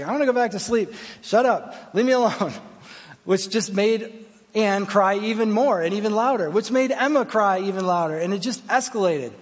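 A man in his thirties preaching a sermon, his fairly high voice carrying through a church hall with a long reverb. He talks in an easygoing, storytelling way and pokes fun at himself. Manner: conversational storytelling, self-deprecating. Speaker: pastor.

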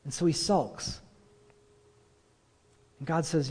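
At a moderate pace, a pastor gives a casual sermon peppered with fillers like "like" and "um," posing questions to his audience. His voice sits slightly high for a man, and every phrase is followed by a long, big-hall reverb.

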